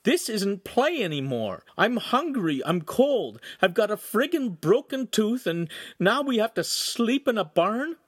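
A man reading an audiobook, voicing a hungry, fed-up teenage boy who complains loudly. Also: high voice, sing-song, measured pace, few pauses, breathy edge, dry recording, studio quality, pitched above the performer's own voice, heavily acted. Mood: exasperated. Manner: loud, exasperated.

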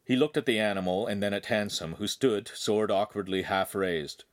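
A man's voice: fairly low pitch, moderate pace, no echo, studio quality. A man reading a young adult novel aloud as the narrator, telling an action scene vividly. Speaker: audiobook narrator. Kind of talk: scripted narration.

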